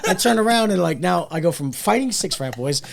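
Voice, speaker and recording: A man's voice: sits high, a little fast, creaky. A young man, a podcast co-host, telling a wild night-out story in casual chat, profane and acting out the voices. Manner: animated, profane, acts out voices in his story.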